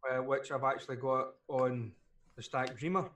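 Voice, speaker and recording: A man's voice: mid-range voice, fairly even intonation, normal speed, fairly bright tone. A British man co-hosting a casual live stream, chatty and rambling, often repeating his words. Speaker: co-host.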